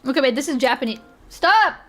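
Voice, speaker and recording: A woman's voice: on the high side, measured pace, fairly bright tone. A woman streaming, reacting to clips in casual, rambling commentary, giggling and swearing freely.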